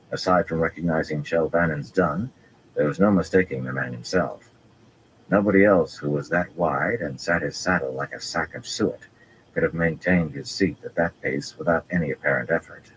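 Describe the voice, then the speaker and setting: A man narrates a fantasy novel in a measured, unhurried read-aloud manner. His voice is extremely deep and low. A faint ambient hum runs underneath the reading. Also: low-quality recording. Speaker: audiobook narrator.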